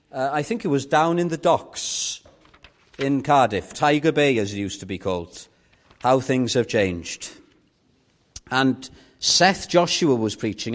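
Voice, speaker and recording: A man with a Welsh accent and a mid-range voice preaches an earnest evangelistic sermon. He pleads with his listeners and builds up to emphatic repetition.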